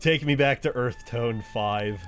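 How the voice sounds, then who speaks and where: A man's voice: mid-range voice, a little slow, fairly bright tone, slight background noise. A man streaming a game, chatting casually with his viewers, swearing and joking as he builds a character. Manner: laid-back banter with chat, swearing and laughing. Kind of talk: casual live-stream chat while playing. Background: faint game music.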